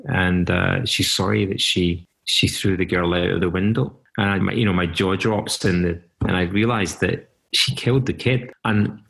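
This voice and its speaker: A middle-aged man with a Scottish accent and a very deep voice tells stories as an interview guest. He rambles, doubling back and restarting his sentences. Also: fairly even intonation, moderate pace, creaky, few pauses, fairly bright tone, slight background noise, low-quality recording. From Scotland. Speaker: journalist guest. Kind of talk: casual storytelling in conversation.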